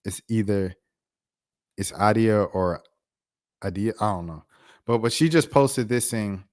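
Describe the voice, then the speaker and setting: Laid-back young man, lowish voice. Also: animated, measured pace, darkish tone. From United States. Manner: laid-back, reflective, conversational. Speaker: vlogger. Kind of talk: casual commentary to camera.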